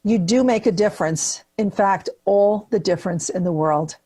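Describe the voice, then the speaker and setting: A woman's voice: medium pitch, normal speed, warm tone, slightly rough. Upbeat woman giving a speech. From New Jersey. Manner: upbeat, punchy delivery with comic asides. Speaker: keynote speaker at nursing awards. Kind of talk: prepared speech with humor.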